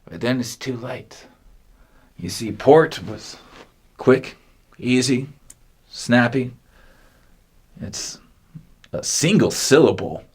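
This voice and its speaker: A man delivering a rambling comic monologue, halting and meandering with long pauses between phrases. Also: mid-range voice, animated, darkish tone, husky.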